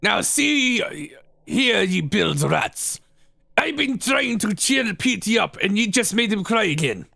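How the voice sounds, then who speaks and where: Picture a gruff, slow-drawling pirate companion, put on by a man reading game lines. His voice sits high and swings widely, with a gravelly edge. The sound is close and dry. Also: big pitch swings, bright, forceful tone, no echo, exaggerated voice. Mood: scolding. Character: gruff male pirate imaginary friend. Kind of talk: voicing game dialogue on stream.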